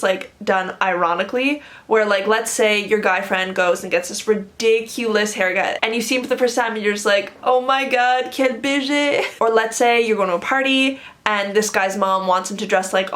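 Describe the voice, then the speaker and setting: A woman's voice: medium pitch, fairly bright tone. Enthusiastic young North American woman. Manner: enthusiastic, emphatic, lots of fillers. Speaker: language vlogger. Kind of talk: casual explainer vlog.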